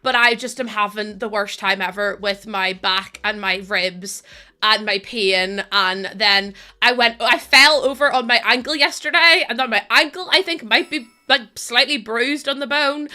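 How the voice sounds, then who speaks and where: Bright, high-voiced woman streamer. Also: unhurried. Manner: chatty, giggly, scattered. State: tired. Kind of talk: casual live stream chat.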